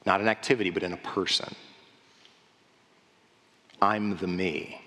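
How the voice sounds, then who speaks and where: A man preaching a lively sermon in a church, asking the congregation questions and acting out the voices of the crowd. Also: sits low, a little slow. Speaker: pastor. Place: church sanctuary. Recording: long hall reverb.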